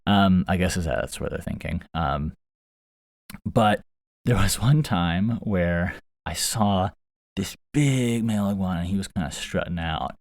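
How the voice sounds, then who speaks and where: A man's voice: deep voice, measured pace, no room sound. A man hosting a podcast, telling a funny story casually with fillers and restarts, recorded close in a small foam-lined box. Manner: rambling, amused, many fillers and restarts. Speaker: podcast host. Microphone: close studio mic inside the box. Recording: very dry, close booth sound.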